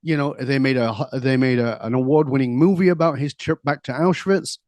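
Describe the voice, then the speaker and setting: A middle-aged man, a guest on an interview show, telling stories in an animated, conversational way, laughing easily and throwing in quick asides. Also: medium pitch, dry recording. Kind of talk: conversational storytelling.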